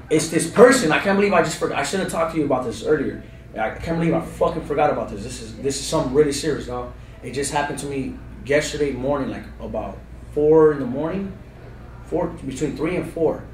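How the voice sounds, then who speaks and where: A man, telling a true story to an interviewer in an earnest, insistent way with street slang, swinging from loud bursts to low mutters. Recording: roomy, distant recording with faint background noise.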